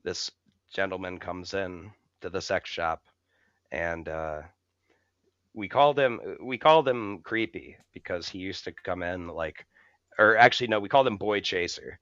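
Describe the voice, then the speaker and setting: A man telling a long, rambling story on a podcast, swearing freely and laughing along the way. His voice is bright and smooth, heard through a dry, slightly dull mic. His tone is loose and chatty. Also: low-pitched, animated, a little slow, no room sound. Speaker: podcast co-host. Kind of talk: casual storytelling.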